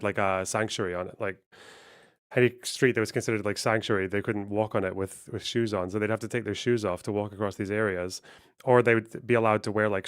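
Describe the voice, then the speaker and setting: A man's voice: fairly low pitch, clean tone. A man giving loose, casual commentary as he reacts to clips, swearing and laughing often.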